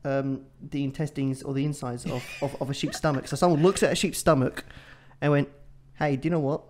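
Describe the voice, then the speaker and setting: A man co-hosting a casual podcast chat, rambling and joking excitably. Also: medium pitch, a little fast, a little hiss or hum. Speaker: podcast co-host.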